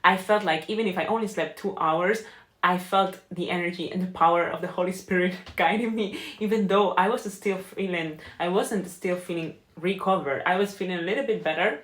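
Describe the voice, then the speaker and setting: A woman's voice: lowish voice, brisk. A young woman sharing a heartfelt, emotional faith testimony in a vlog, earnest and often close to tears. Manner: earnest with frequent "you know?". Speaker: faith vlogger and life coach. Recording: echoey room.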